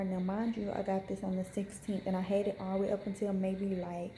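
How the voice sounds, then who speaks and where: Chatty young woman, flat mellow voice. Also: mid-range voice, brisk, reverberant, a little hiss or hum. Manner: frank, chatty, many fillers. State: unwell, in pain. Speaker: vlogger. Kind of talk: casual storytelling to camera. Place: hospital room.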